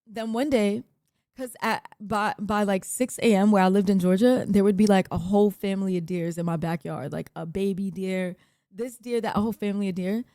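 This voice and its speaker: A woman with a New York accent telling a long, profane story in a casual, animated way, shouting out the lines she quotes. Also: mid-range voice, moderate pace, no echo, clean studio sound. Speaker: streamer.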